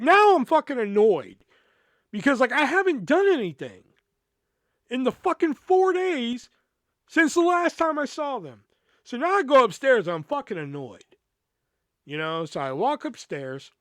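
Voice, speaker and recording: A man with a fairly high voice tells a story in a loose, swearing, rambling way, the kind of casual retelling a podcast host gives. The sound is dry and close, with no room around it. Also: unhurried, long pauses, no echo. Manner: profane, rambling, animated retelling.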